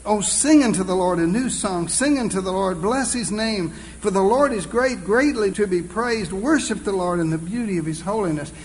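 High-voiced earnest preacher man. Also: slight background noise, rough recording. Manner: earnest, exclaiming, quotes scripture slowly. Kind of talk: sermon.

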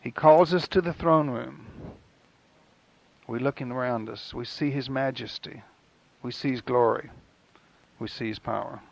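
A man preaching a sermon in an earnest, rhythmic way with dramatic pauses. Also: mid-range voice, vocal fry, a little mellow. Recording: dull, lo-fi dry recording.

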